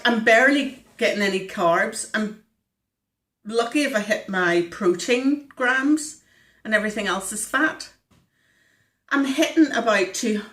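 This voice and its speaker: A woman, vlogging casually, slightly hoarse and stuffy-nosed, rambling with lots of fillers. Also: on the high side, fairly bright tone, reverberant, recorded from a distance. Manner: chatty, rambling, frequent fillers. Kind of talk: casual diet vlog.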